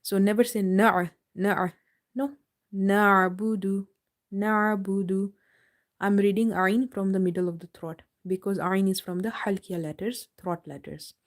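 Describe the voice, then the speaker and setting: Mellow-voiced woman teaching recitation. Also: medium pitch. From United Kingdom. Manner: patient, repeats words slowly for students. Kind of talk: live online tajweed lesson.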